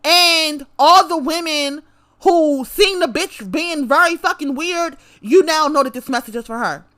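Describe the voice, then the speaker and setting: A woman's voice: sits high, a little slow, a bit bright. A woman delivering a profane, confrontational rant straight to camera, repeating her lines for emphasis. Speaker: vlogger.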